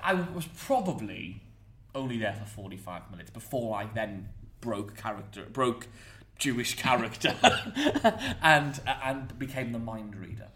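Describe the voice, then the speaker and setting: A man's voice: medium pitch, unhurried. A man from North East England with a Geordie accent, a mentalist performer telling stories in a casual panel chat, laughing often. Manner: animated, laughing storyteller.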